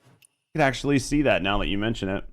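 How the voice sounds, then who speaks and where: A man's voice: on the low side, lively intonation, fast. A man with a Southern US accent, streaming a game and chatting casually with viewers, joking and swearing freely. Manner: profane, joking. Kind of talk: casual live-stream chat.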